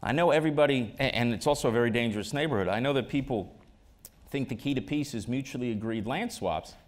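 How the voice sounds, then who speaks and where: A man in an onstage conversation, pressing his points with emphatic conviction and slipping in wry jokes. His pitch sits in an ordinary middle range for a man. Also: fast talker. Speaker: ambassador, interview guest. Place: auditorium stage.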